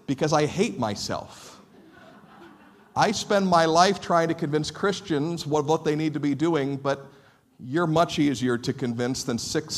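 A male pastor preaching a sermon, telling stories with a humorous, self-deprecating manner. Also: fairly high pitch. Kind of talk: sermon with storytelling.

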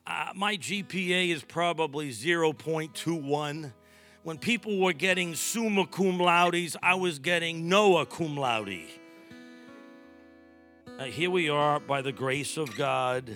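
A man preaching a sermon as a pastor, telling stories with acted-out dialogue in a lively, humorous way. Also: fairly high pitch, slow, soft background music. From New York.

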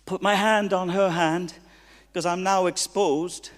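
A man's voice: high voice, moderate pace. A man preaching as a guest pastor, telling stories with humor and acting out the dialogue. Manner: animated, humorous, acts out dialogue. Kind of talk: sermon with storytelling. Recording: long reverb of a hall.

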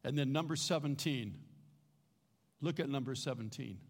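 A man's voice: mid-range voice, moderate pace. A man preaching a sermon, telling stories with animation and leading the congregation to repeat greetings after him. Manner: animated storytelling, leads the congregation in repeating phrases. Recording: reverberant hall.

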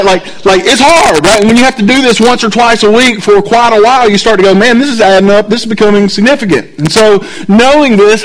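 High-voiced pastor, chatty sermon. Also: male voice, slight background noise, rough recording. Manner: conversational, animated, asks the congregation frequent checks like "right?". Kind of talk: sermon with storytelling.

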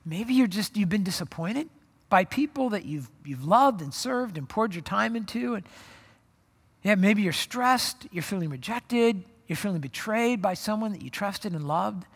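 A man's voice: high voice, lively intonation, normal speed, slightly rough, in a large hall. A man preaching a sermon in a conversational way, often acting out quoted voices. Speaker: pastor.

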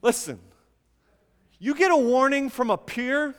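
A man preaching a sermon, emphatic at times and dropping to quiet intensity. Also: very high voice, lively intonation, measured pace, pauses often, big-room sound.

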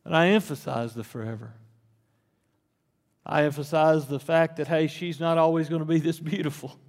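Slow-preaching man in a reverberant church. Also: on the high side. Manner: conversational preaching with sudden emphatic rises. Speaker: pastor. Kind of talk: sermon. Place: church sanctuary. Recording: long reverb in a church hall.

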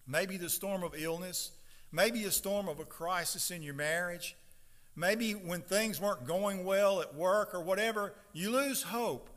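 A man in his fifties preaching a sermon to his congregation, talking plainly and then raising his voice to stress the words when he reads scripture. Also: high-pitched. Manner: emphatic preaching, rising to loud scripture readings. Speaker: pastor. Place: church sanctuary. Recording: long hall reverb.

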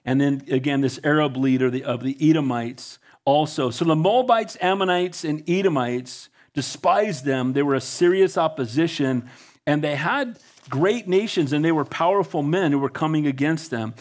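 Guy preaching a sermon, kinda high voice, gets fired up and reads scripture. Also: normal speed. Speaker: pastor.

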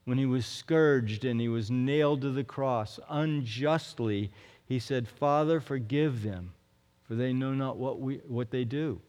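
A man's voice: medium pitch, a little slow, a little mellow. A male pastor preaching a sermon in an earnest, emphatic way, often repeating his phrases. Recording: long reverb of a large hall.

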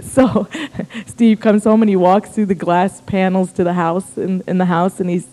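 A middle-aged American woman, a missionary, telling a story in a sermon with humor and a conversational, animated manner. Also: on the low side, normal speed. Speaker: missionary guest speaker. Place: church sanctuary. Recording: reverberant church hall.

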